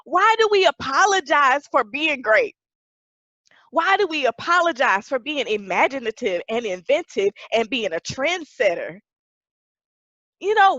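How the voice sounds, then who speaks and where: A woman pastor preaching an emphatic sermon that rises to shouts. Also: high-pitched, dry recording, muffled recording.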